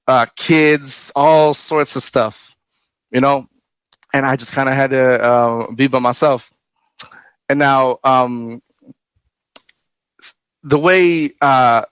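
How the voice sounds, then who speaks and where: Man giving a halting faith testimony. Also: mid-range voice, a bit bright, smooth, no echo, poor audio. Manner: halting, many fillers and restarts, laughs often. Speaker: guest speaker. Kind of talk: personal testimony talk.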